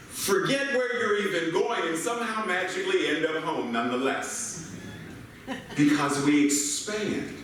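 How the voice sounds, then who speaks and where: An older American man preaches with a lively, swinging delivery, his voice pitched a little above most men's. He teases and asks questions of his listeners as he tells stories. The sound is distant and bounces around a big reverberant hall with faint ambient noise. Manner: animated, playful storytelling with rhetorical questions. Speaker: minister. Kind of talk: sermon. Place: church sanctuary. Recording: echoey hall mic from far off.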